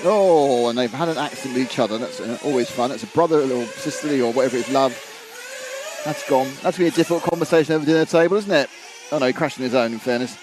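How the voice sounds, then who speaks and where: A man's voice: mid-range voice, quick pace, noisy background. A man giving live race commentary on a stream, chatty and wry, reading viewer comments and tripping over names. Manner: stumbles over names and restarts.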